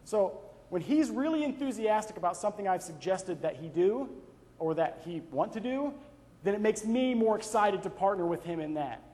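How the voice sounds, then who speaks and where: A man's voice: sits high, expressive, normal speed, warm tone. A young man giving a conversational devotional talk full of personal anecdotes and "right?" asides. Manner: conversational, frequent "right?" tag questions. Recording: long reverb of a large hall.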